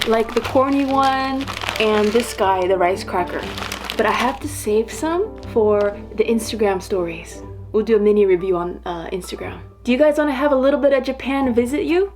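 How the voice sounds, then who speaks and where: A woman's voice: a little high, a little mellow. Chatty woman narrating a food vlog. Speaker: food vlogger. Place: home.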